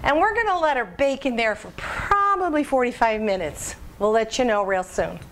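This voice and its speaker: Woman with a higher voice doing a chatty cooking video in her kitchen, folksy, jokes at herself, bit of faint hum behind. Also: lively intonation, moderate pace, fairly bright tone. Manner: chatty and folksy, laughs at herself, talks to viewers as "guys". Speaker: home cooking video host. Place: home kitchen.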